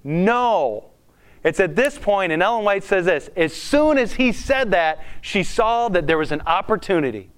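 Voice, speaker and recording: A man gives a conversational sermon, preaching to a congregation and firing questions at them with animated energy. His voice sits a little high for a man and is smooth and clear. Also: a little slow. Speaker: pastor.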